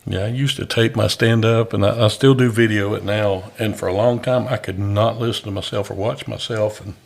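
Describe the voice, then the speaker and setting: A man's voice: on the low side, fairly even intonation, brisk, gravelly. A man who does stand-up comedy, hosting a casual chat in a joking, easygoing way.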